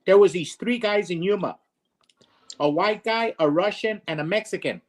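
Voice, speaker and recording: A man's voice: sits high, normal speed. A man hosting a casual, joking conversation and telling long jokes. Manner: joke-telling storyteller, playful teasing. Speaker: host.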